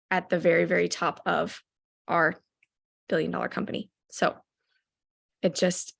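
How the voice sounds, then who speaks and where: A woman gives her team a motivational recap of a company event, with plenty of ums and restarts. Her pitch stays fairly flat and level. A gravelly fry runs under her eager delivery. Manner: enthusiastic, many ums, rambling restarts.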